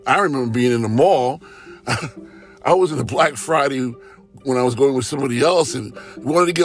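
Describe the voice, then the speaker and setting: A man with a mid-range voice speaks at normal speed over soft background music. He rambles animatedly through everyday stories in a casual monologue, acting out the quotes of others.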